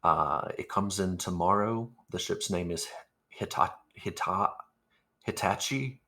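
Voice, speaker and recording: A gruff older ex-soldier adventurer, voiced by a man in a tabletop role-play stream. His voice sits very low, and he delivers his lines with a dry, teasing manner. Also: unhurried, sharp tone, heavily acted.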